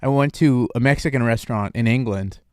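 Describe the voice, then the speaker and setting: A young man hosts a call-in stream in a loose, rambling, joking manner, full of filler words. His voice sits at a middle pitch and sounds dry and close, with no room echo. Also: fairly quick, a little mellow. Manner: rambling, jokey, lots of filler. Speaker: streamer host taking calls. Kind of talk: casual chat.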